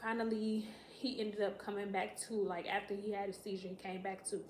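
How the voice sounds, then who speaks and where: A woman telling a story to camera in a casual, profane, animated way, acting out what people said. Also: mid-range voice, a little fast, a little hiss or hum. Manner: profane, animated, acts out quotes. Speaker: storytime vlogger. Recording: echoey room.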